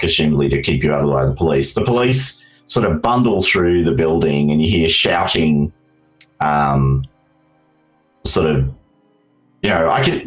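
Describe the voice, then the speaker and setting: Deep-voiced man running a tabletop game. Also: low-quality recording. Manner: relaxed, full of fillers. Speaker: game master.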